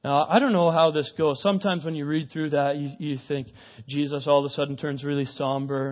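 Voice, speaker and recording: A male pastor preaching a sermon in a conversational, animated way, with asides to the congregation. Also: fairly high pitch, a little fast. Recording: dull lo-fi recording.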